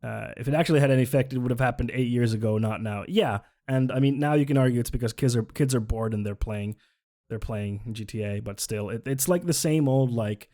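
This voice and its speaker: A man's voice: mid-range voice, fairly quick, dark tone. A man streaming live, reacting to news clips in a casual, sarcastic, exasperated way, swearing and laughing often. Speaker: livestreamer.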